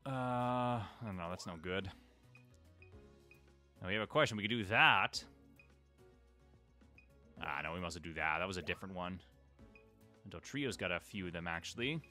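A man hosting a gaming channel, giving chatty play-along commentary, talking to the creatures on screen and breaking into excited exclamations. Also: deep voice, normal speed, pauses often, faint music behind.

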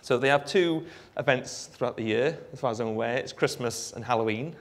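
A Welsh man giving a live demonstration of a phone app, explaining in a relaxed way with frequent ums. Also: mid-range voice, brisk. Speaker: app developer giving a presentation. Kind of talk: live product demo talk.

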